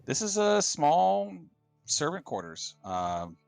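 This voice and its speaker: A man's voice: a little high, huge pitch swings, slow pace, gravelly, a little mellow, smooth, no echo, soft background music. A man narrating as game master of a tabletop game, hesitant and full of fillers and restarts.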